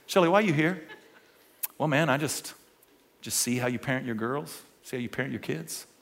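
A man doing a brazen woman intruder who lays out her claim in a hushed, mock-reasonable tone. She sounds calm and matter-of-fact, not threatening. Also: medium pitch, fairly quick, vocal fry, pitched below the performer's own voice.

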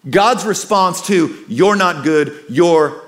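A pastor delivers a sermon in a chatty, lively manner, tossing in asides to his congregation. His voice sits high and he speaks at a slow pace.

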